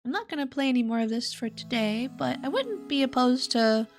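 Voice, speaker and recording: A woman streamer chatting casually while playing a game, giggling and squealing when excited. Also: high-pitched, fairly quick, soft background music. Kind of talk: casual gameplay chat.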